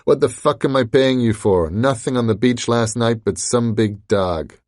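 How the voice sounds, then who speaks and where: Give me a man playing a swearing, paranoid boss, pushy and loud, in a dry close reading. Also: on the low side, normal speed, no echo, close to an everyday voice. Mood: angry. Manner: swearing, demanding. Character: foul-mouthed angry male boss, paranoid.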